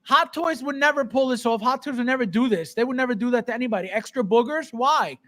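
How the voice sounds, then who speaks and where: A man's voice: very high-pitched, quick pace. Mocking, ranting male podcast host. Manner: mocking, animated ranting with frequent laughs. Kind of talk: casual podcast banter.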